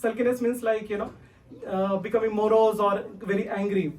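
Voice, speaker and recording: A man's voice: sits high, fairly even intonation, normal speed, a little mellow, far from the mic, low-quality recording. A man giving a devotional storytelling sermon, often asking "right?" of his listeners. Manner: repeats "right?" to the listeners, sings verses for them to repeat. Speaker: religious teacher.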